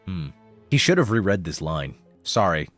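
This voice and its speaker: A man's voice: low voice, very animated, normal speed, fairly bright tone, soft background music. A man giving casual, blunt commentary as he critiques voice acting and swears freely. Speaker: streamer reviewing voice acting.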